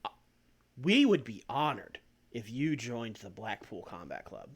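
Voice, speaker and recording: A man's voice: mid-range voice, sing-song, measured pace, noisy background. A man voicing a brash, overexcited male pro wrestler cutting a promo. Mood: persuasive. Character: cocky loud male pro wrestler recruiting rivals.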